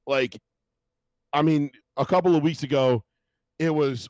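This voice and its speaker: A man's voice: on the high side, unhurried, long pauses, no echo. A man co-hosting a podcast, chatting casually with lots of fillers and swearing. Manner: animated, swears a lot, many fillers. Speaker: podcast co-host. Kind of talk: casual banter.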